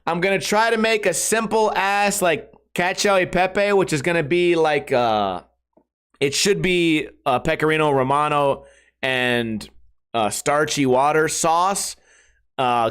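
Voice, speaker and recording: A man in his thirties hosting a casual solo podcast, rambling and joking with lots of swearing and quick impressions of friends. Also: a little high, a bit bright, smooth. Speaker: podcast host.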